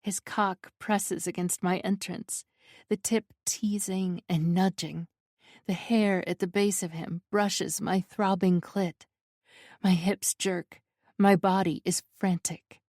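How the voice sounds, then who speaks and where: A woman narrating a romance audiobook in the first person, intimate, breathy and pleading. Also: fairly low pitch, fairly even intonation, slow pace, a little mellow, no room sound, studio quality.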